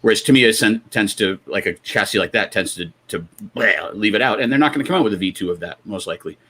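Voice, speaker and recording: A man co-hosting a casual hobby podcast, quick to tease and filling his talk with "uh" and "like". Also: on the low side, pushed and bright, a little hiss or hum. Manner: fast, teasing banter with many fillers. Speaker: podcast co-host. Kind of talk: casual chat.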